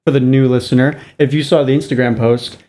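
A man's voice: mid-range voice, fairly even intonation, brisk, dark tone. A man co-hosting a local radio show, bantering playfully and laughing often. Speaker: radio co-host. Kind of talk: casual college radio banter.

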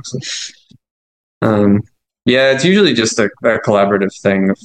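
A man's voice: fairly low pitch, fairly even intonation, quick pace, low-quality recording. A man who writes his band's songs, talking casually in an interview, rambling and self-deprecating with lots of fillers. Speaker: songwriter and band frontman.

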